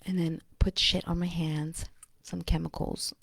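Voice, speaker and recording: Woman, low pitch, slow pace, casual vlog monologue, blunt, breathy whispers. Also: level tone, fairly bright tone, no room sound. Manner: often drops to a breathy whisper, blunt and profane. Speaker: vlogger.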